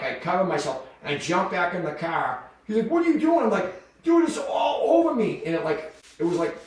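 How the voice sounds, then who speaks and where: Male podcast guest, animated storyteller, voice a little high, off-mic in a very echoey room. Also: far from the mic. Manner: animated, full of "like" fillers and voiced quotes. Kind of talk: casual storytelling.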